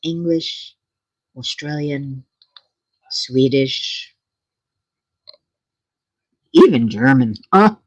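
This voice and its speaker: A woman's voice: a bass voice, expressive, very slow, long pauses. A woman hosting her own channel, chatting casually with viewers, laughing often in a playful way. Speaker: channel host.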